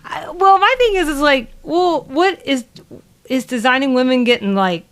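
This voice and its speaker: A woman's voice: sits high, normal speed, a bit bright. A woman with a Southern US accent co-hosting a casual podcast chat, rambling with lots of fillers and laughs. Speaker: podcast co-host.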